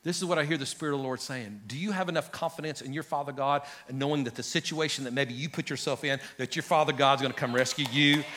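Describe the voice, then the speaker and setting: A middle-aged pastor preaching an animated sermon to his church, calling out to the congregation and building to shouts. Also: mid-range voice, quick pace, few pauses, a faint crowd, slight background noise. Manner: animated, preaching with rising shouts and audience call-outs. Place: large church sanctuary.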